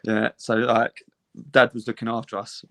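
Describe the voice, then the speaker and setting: Man, English accent, mid-pitched, chatty, jokey storyteller, podcast co-host. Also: completely flat delivery, normal speed, vocal fry, fairly bright tone. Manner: chatty, jokey, calls people mate. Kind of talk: casual chat, storytelling.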